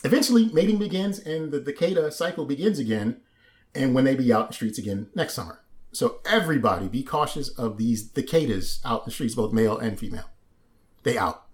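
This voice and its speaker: A man's voice: mid-range voice, lively intonation, fairly quick. A young man co-hosting a casual chat, joking in a slangy, mock-serious way. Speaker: podcast co-host.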